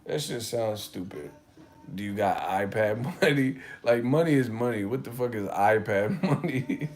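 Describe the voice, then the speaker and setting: A man's voice: on the low side, lively intonation, moderate pace, a little mellow. A man hosting a live stream, telling stories in a loose, profane, laughing way. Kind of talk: casual chat.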